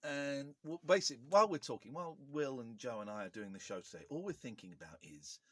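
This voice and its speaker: A man's voice: medium pitch, lively intonation, fast talker, few pauses, dry recording. A man hosting a live radio show, chatting in a jokey, rambling, self-mocking way. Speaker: radio host. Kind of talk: casual radio chat. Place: radio studio.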